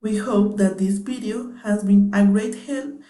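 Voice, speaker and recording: A young woman whose first language is Spanish narrates a lesson from a script, each word set down carefully. Her voice is soft and mellow, and her pace is unhurried. The room around her rings with echo. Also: mid-range voice. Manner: careful, read-aloud delivery. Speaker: student teacher presenting a lesson. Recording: echoey room.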